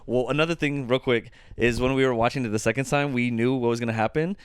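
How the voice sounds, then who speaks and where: A man co-hosting a casual podcast chat, excitable and profane, his voice jumping up when he gets worked up. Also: fast, smooth, no room sound, studio quality. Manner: excitable, swears a lot, jumps high when animated. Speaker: podcast co-host.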